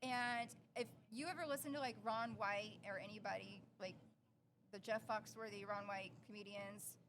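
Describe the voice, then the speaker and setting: A woman's voice: medium pitch, moderate pace, background noise. A young adult woman co-hosting a podcast, telling a story in casual chat and acting out the quotes. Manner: animated, acts out quotes. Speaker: podcast co-host.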